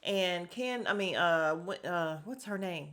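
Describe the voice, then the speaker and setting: A woman talks through a TV recap in a loose, chatty way. Her voice sits a little low, and she is blunt and fed up with the drama. She sighs and laughs as she goes. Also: a little slow, a bit bright. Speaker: podcast host reviewing a reality show. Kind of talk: casual recap commentary.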